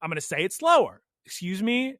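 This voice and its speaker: A man's voice: high-pitched, big pitch swings, fairly quick, fairly bright tone, dry recording, studio quality. A man hosting a podcast in casual chat, playful and joking as he leads the recap. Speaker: podcast host.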